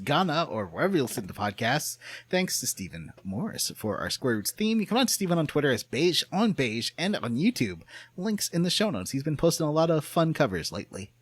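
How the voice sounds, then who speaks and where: A man co-hosting a podcast, chatting casually in a goofy, animated way. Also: medium pitch, brisk, husky, no room sound. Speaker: podcast co-host and editor.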